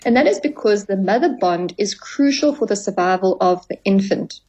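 A woman's voice: medium pitch, lively intonation, normal speed, mellow, rough recording. A woman therapist as a radio guest, explaining at length and acting out dialogue with clients. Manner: explanatory, acts out quoted dialogue. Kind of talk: radio interview.

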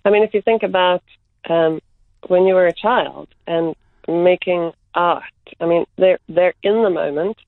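A woman who runs art workshops, a guest explaining her approach in measured speech that slows on key words. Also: fairly low pitch, no echo. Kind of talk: reflective interview answers. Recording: phone-like line, dry.

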